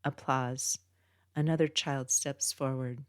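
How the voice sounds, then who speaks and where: Author narration: woman, low voice, dry close recording, steady and measured. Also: no room sound. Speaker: author reading her book. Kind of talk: audiobook narration.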